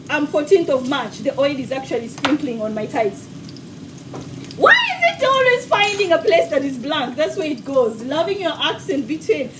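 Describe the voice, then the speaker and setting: A woman with a high, bouncy voice hosts a live cooking stream from her home kitchen. She chats warmly with viewers, calling them sweetheart. Her voice is a little distant from the mic, and there is faint noise behind her. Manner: chatty and affectionate, calls viewers sweetheart. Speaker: cooking show host.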